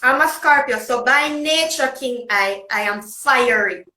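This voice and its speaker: A woman's voice: high-pitched, a little slow, pushed and bright, echoey room, poor audio. A woman host, talking bluntly and emphatically in a casual chat. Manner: blunt, emphatic, patois-tinged. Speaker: podcast host.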